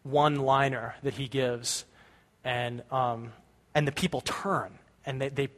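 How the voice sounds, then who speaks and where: A man's voice: medium pitch, steady tone, unhurried, fairly bright tone. A man giving a conversational sermon as a pastor, talking casually and often checking in with his listeners. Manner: casual, keeps checking in with "right?". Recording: long hall reverb.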